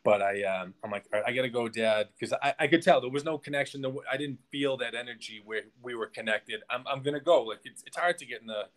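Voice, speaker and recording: A man's voice: medium pitch, fast, hardly any pauses. A man, a podcast guest, telling a personal story in casual conversation, rambling with many restarts and "like"s.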